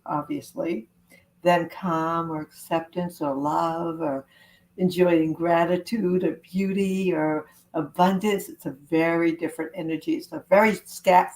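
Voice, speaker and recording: A woman love coach giving an earnest, gentle self-help talk to camera, with spiritual wording. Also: on the low side, poor audio.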